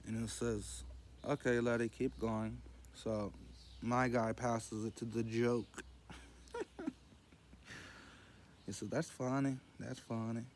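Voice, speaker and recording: A man telling rambling jokes in casual storytelling, meandering and loose as he quotes others in a low murmur. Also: steady tone, takes it slowly, long pauses, darkish tone, a little hiss or hum.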